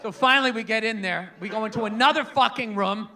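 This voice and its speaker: A man doing profane stand-up storytelling, shouting exasperated punchlines over a laughing live crowd. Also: high voice, quick pace. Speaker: stand-up comedian. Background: audience laughing.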